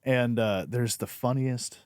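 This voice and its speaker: A young man, a stand-up comic, telling animated stories in casual podcast chat and swearing freely. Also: mid-range voice, takes it slowly, smooth, no echo, clean studio sound. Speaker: stand-up comedian and podcast host.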